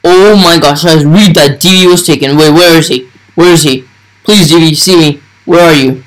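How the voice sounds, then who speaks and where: A man's voice: a little high, normal speed, low-quality recording. A man giving casual gameplay commentary, thinking aloud and talking to his viewers as he plays. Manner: thinks aloud while playing, talks to viewers. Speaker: gaming YouTuber.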